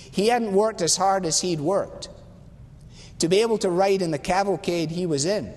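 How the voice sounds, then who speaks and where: A man's voice: high voice, a little mellow. A male preacher giving a sermon, telling a story in a conversational, wry and emphatic way. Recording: long hall reverb.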